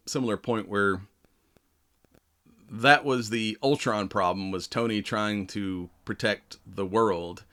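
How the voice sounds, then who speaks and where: A man's voice: on the low side, fairly bright tone. Guy on a podcast chatting about a movie, keeps laughing, does little voices for lines. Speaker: podcast co-host. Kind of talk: casual chat about a movie.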